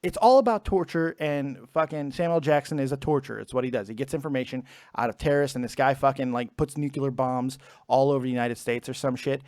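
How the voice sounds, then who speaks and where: A man hosting a casual podcast, ranting with lots of swearing in an animated way. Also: mid-range voice, fast, hardly any pauses, no echo, studio quality. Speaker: podcast host. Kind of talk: casual chat.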